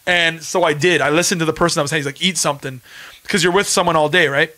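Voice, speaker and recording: Canadian man, 30s, bright voice, slightly high, emphatic and insistent, casual livestream chat. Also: steady tone, very fast. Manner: emphatic, repeats himself, insistent. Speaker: podcast host and former reality show contestant. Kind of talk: casual livestream chat reading viewer comments.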